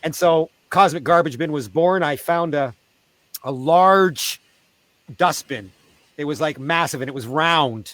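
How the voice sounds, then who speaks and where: A man, a street theatre performer, telling animated stories in a casual interview over a video call. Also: unhurried, no room sound. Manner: animated, acts out quoted voices in a high pitch.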